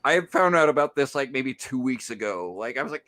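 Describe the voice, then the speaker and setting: American guy telling a rambly story on a podcast, says like a lot, normal pitch. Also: expressive, a little fast, a bit bright, a little hiss or hum. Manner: loose storytelling, heavy use of filler "like". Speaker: podcast co-host. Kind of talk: rambling anecdote and casual review chat.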